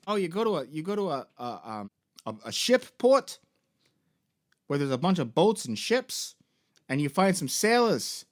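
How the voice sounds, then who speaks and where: A man's voice: on the high side, big pitch swings, normal speed. A man, a video game store founder, retelling a game's story in a rambling, profane, joking way.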